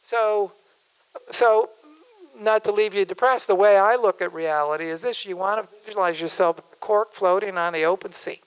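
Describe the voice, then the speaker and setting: An older man gives a relaxed public speech with a smooth, resonant voice. He talks in a folksy way, drifts into asides and often breaks off and restarts his sentences. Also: high voice, normal speed, low-quality recording. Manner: folksy, digressive, self-interrupting. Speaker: physician giving a speech.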